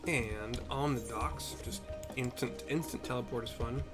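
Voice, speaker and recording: A man's voice: medium pitch, steady tone, measured pace. A man casually narrating and describing a game story, with chatty muttered asides. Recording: game music underneath.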